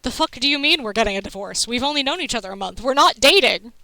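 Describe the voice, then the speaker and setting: A woman's voice: on the high side, lively intonation, fast talker, creaky, bright, forceful tone, no echo, full character voice. A woman voicing a blunt, grumpy young male bard who swears in exasperation, in a tabletop game story. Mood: exasperated.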